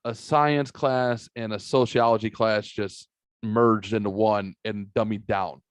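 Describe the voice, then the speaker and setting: A man's voice: lowish voice, a little slow, clean tone, dry recording, clean studio sound. A middle-aged man hosting a podcast, telling a long profane story and quoting the people in it. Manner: profane, animated retelling with quoted voices. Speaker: podcast host. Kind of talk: casual storytelling chat.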